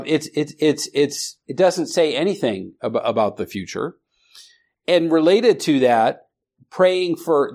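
A man teaching a Bible study class, speaking haltingly with many restarts and questions to the students. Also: a little high.

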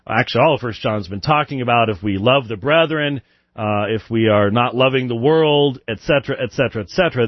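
A man's voice: mid-range voice, dry recording, highs cut off. A man hosting a live call-in show, chatting loosely with chuckles and answering Bible questions. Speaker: radio show host.

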